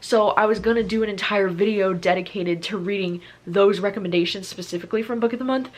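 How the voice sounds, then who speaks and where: A young woman vlogging about books in a relaxed, chatty way, gushing about what she loves. Her voice is soft and breathy, her pitch sits in an ordinary middle range, and she keeps dropping "like" and "you know" between her thoughts. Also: fast. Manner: gushing, filler-heavy with lots of "like". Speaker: book vlogger. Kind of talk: casual vlog chat.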